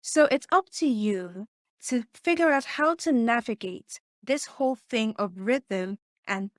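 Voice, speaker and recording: Woman coach explaining how to speak well, emphatic, kinda high voice, dry no-room sound. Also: dry recording. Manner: emphatic, varies pace to demonstrate. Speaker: communication coach. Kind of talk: instructional talk to camera.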